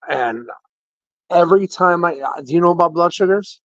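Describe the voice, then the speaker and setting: A man casually telling an animated, indignant story about a care-facility visit, quoting the people involved. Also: fairly high pitch, moderate pace, no room sound. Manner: animated, indignant retelling with quoted dialogue. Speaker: podcast host. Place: patient room in a care facility. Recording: dull, dry lo-fi audio.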